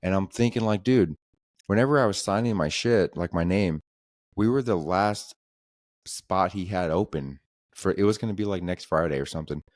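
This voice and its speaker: A man's voice: sits low, normal speed, no room sound, studio quality. A young man hosting a comedy podcast, telling stories casually, swearing and saying "dude" all the time. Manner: laid-back, profane, says "dude" constantly. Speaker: podcast host.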